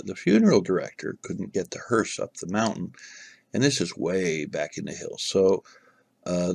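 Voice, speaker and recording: A man's voice: low voice, a little mellow, dry recording. A man telling a personal story to the camera in a casual, rambling way, full of fillers and restarts.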